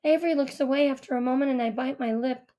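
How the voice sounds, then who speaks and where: A woman reads a first-person audiobook in a quiet, reflective way. Her voice sits a little higher than average. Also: fast. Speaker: audiobook reader.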